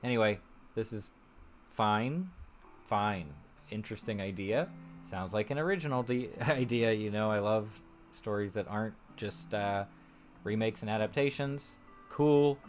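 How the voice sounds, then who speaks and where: A man with a fairly low voice hosting a relaxed live stream. He rambles and thinks out loud, with plenty of ums and small laughs as he goes. Faint guitar music plays quietly behind him. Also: measured pace. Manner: rambling and chatty, laughs often, thinks aloud with many fillers. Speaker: streamer host. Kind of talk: casual live-stream chat.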